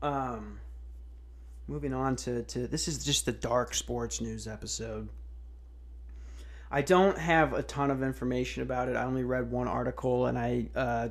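A man hosting a podcast, ranting in a casual, sarcastic way with lots of swearing and restarts. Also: medium pitch. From United States. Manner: profane, sarcastic, rambling with restarts. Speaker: podcast host. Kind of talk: casual comedic rant.

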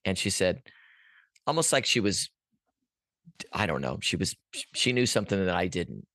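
Man, podcast guest, deep voice, earnest rambling storytelling, dry close sound. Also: normal speed, dry recording. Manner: rambling, many restarts and fillers; earnest, animated at peaks. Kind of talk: storytelling a personal experience.

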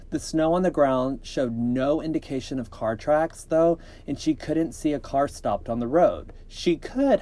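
A man's voice: medium pitch, mellow. A man casually reading a scary story aloud on a podcast, with small slips and joking asides.

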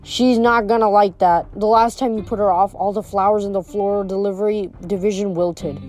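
A woman's voice: medium pitch, steady tone, brisk, a little mellow, soft background music, lightly acted. A woman voicing a fussy female snake who acts as a secretary and pleads to show off, reading a storybook aloud.

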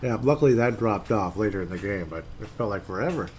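A man's voice: lowish voice, expressive, fast, a little mellow, slight background noise. Exasperated man rambling over sports. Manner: rambling and exasperated, reading posts aloud. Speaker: sports fan commentator. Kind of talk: casual solo sports rant.

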